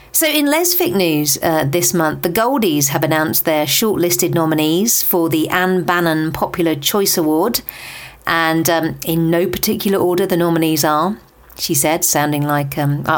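Chatty British podcast host, a woman with a lowish voice, reading a book roundup with asides. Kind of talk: scripted book chart roundup.

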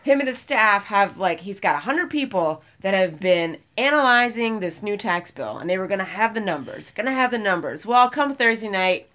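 A woman from the United States chatting casually, animated, laughing often and swearing freely. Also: medium pitch, moderate pace, few pauses. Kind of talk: casual political chat. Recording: dull lo-fi recording.

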